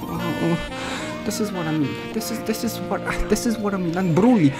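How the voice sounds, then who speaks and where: A young man giving rambling, excitable commentary over his own gameplay as a gaming YouTuber, swinging between muttering and yelling. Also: sits high, moderate pace, over music.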